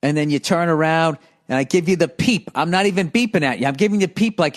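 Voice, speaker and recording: Reading out listener letters on his podcast, a middle-aged host fires off a sarcastic, foul-mouthed rant about cyclists. He speaks fast in a voice on the high side.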